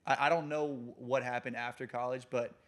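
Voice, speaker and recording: A man co-hosting a casual podcast, asking the guest questions in a relaxed way and laughing along. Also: mid-range voice, brisk, a loud crowd. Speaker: podcast co-host.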